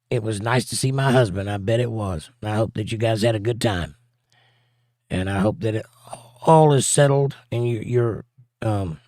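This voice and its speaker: A man's voice: mid-range voice, no echo, clean studio sound. A man hosting a casual live stream, reading viewer comments aloud and joking back at them. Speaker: livestream host.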